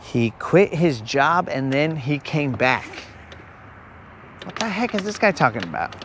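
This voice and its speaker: A man's voice: on the high side, big pitch swings, unhurried, fairly bright tone, a little hiss or hum. A man hosting a live fishing stream outdoors on a lake, joking with viewers in casual chat and calling them bro.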